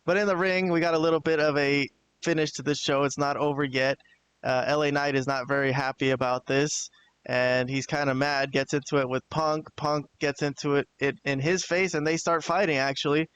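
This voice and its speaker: A man talks through a wrestling show in an easygoing live-stream review, his voice smooth and resonant and set a little high. He stays plain-spoken and drops the odd casual curse. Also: a bit bright.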